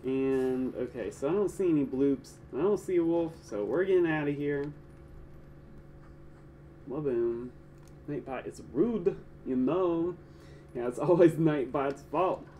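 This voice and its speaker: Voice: medium pitch, unhurried, long pauses, mellow, recorded from a distance, slight background noise. A gaming streamer giving casual live gameplay commentary, joking around, chatting to viewers and making goofy sound effects. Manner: playful and jokey, chatting to viewers.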